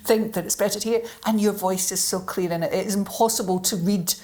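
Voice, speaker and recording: A woman interviewing a poet on stage at a book festival, asking questions in a halting, restarting way. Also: mid-range voice, fairly even intonation, dark tone. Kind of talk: onstage interview.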